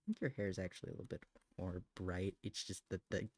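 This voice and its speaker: A man's voice: deep voice, brisk, creaky, darkish tone, a little hiss or hum. A tired man streaming live while drawing, talking to viewers in a blunt, slightly snippy way and then apologizing. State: tired, late at night.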